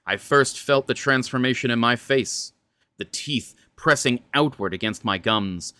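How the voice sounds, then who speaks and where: Guy reading a horror book out loud, mid pitch, chatty asides, dry close sound. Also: measured pace, clear, resonant tone, no room sound. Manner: chatty, stumbling asides between earnest reading. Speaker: reader narrating a fantasy horror novel.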